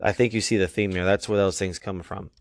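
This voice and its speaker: Earnest low-voiced man preaching. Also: fairly even intonation, a little fast, no room sound, clean studio sound. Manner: earnest, emphatic, reads verses aloud. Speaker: youth pastor. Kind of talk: sermon with scripture reading.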